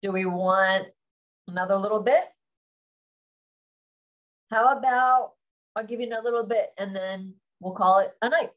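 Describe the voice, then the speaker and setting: A woman author reading her own romance novel aloud on a live stream, calm and steady, then chatting to viewers. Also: medium pitch, moderate pace, pauses often, dull audio.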